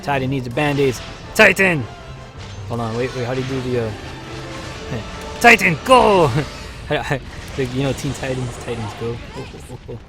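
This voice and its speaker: A man hosting a live stream, chatting casually and excitably as he plays, with bursts of cheering and laughter. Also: medium pitch, normal speed. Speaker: live-stream host playing a game. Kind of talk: casual gameplay commentary. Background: game music.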